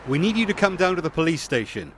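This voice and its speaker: Stern cop at the door, slightly high voice, street noise behind. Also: male voice, sing-song, quick pace, fairly bright tone. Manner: formal, insistent. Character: firm male police officer. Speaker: police officer.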